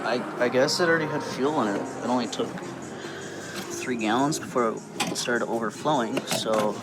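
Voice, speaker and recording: A man's voice: medium pitch, moderate pace, loud music behind the voice, poor audio. A man with a Midwestern accent talks casually through work on his car, thinking aloud and joking in a dry, self-mocking way. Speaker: car restoration vlogger. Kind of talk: casual garage vlog. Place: home garage and driveway, outdoors.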